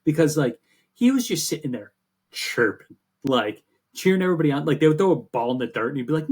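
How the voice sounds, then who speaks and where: Male podcast co-host, husky voice, chatty storyteller, casual sports banter. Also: fairly high pitch, fast talker. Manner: rambling, animated storytelling with swearing.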